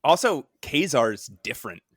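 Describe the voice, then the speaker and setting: A man's voice: medium pitch, very animated, normal speed, breathy edge, no room sound, studio quality. A man co-hosting a comics podcast in casual chat, laughing often and acting out quoted lines. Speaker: podcast co-host.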